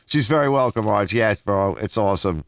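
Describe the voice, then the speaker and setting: A man's voice: lowish voice, lively intonation, normal speed, dry recording. A man hosting a casual garage livestream, reading viewer comments aloud and rambling through personal stories with frequent restarts. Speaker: host of a garage channel. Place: home garage.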